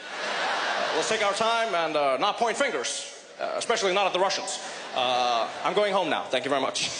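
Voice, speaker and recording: Brief: comic doing a cautious, halting president, uh-filled delivery, lowered voice, live stage echo. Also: male voice, animated, lightly acted. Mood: hesitant. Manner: hesitant, full of "uh" pauses, lowered voice. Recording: reverberant live theater with audience noise.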